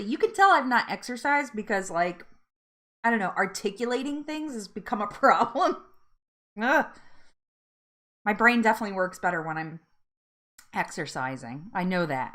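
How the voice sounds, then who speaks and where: A woman's voice: mid-range voice, fairly bright tone. A woman hosting a live weight loss support chat, chatting casually, laughing often and reading out viewer comments.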